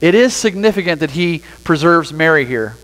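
High-voiced pastor preaching in a reverberant church. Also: male voice, animated, moderate pace, a bit bright. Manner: reads scripture then explains it in a conversational way. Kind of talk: sermon. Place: church sanctuary.

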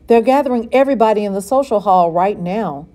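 A woman voicing a frightened teenage boy who speaks in a hushed, pressing way. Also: mid-range voice, brisk, natural voice. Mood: breathless.

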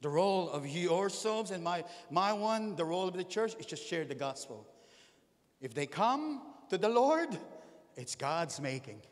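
A man preaches a sermon in a high, lively voice that leaps up and drops low. He keeps calling questions out to the congregation. The long reverb of a church hall trails after his words. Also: unhurried. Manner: animated, calls out to the congregation with questions. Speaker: pastor.

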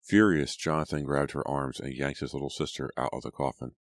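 एक आदमी, बहुत गहरी आवाज़ में ऑडियोबुक सुनाता हुआ, सूखी, बिना गूँज की रिकॉर्डिंग।. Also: male voice, a bass voice, no room sound, studio quality. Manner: steady, measured storytelling. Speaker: audiobook narrator. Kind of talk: scripted narration.

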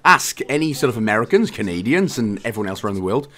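A man's voice: fairly low pitch, very animated, fast, bright, forceful tone. A man from Wales giving a casual, jokey game walkthrough, chatty and often correcting himself. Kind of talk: casual gameplay commentary.

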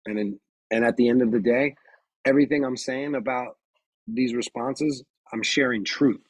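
A man's voice: medium pitch, fairly even intonation, moderate pace, dry recording, poor audio. A man giving a webinar presentation as a referee trainer, talking firmly and emphatically, repeating his key phrases.

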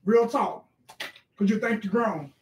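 A man playing a loud, bossy middle-aged mother who rants and scolds in slangy speech for a comedy sketch. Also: high-pitched, a little slow, recorded from a distance. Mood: scolding. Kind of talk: improvised comedy sketch, live-stream parody.

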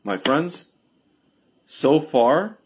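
An online commentator rambles casually to his livestream viewers, often calling them "my friends" and "guys" and jumping into mocking high-pitched impressions. He's animated but speaks extremely slowly. There's a little hiss or hum in the audio.

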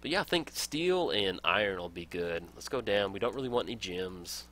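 An upbeat young man walks viewers through a strategy game in a casual tutorial voice. His lowish voice has a bright edge, and his pitch swings widely as he gets excited. He laughs easily and cheers at small finds. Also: moderate pace, a little hiss or hum. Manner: upbeat, enthusiastic, laughs often. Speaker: gaming let's play host.

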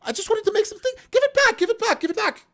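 A man's voice: expressive, fast talker, a bit bright, full character voice. A man voicing a jittery male half-orc storyteller with a put-on Italian accent, stammering and pleading. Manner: pleading, stammering, high and strained.

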